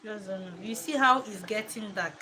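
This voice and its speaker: A woman, a mother chatting casually to camera from her living room, reflective and quick to laugh. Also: medium pitch, sharp tone, a little hiss or hum, rough recording. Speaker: mother and home vlogger.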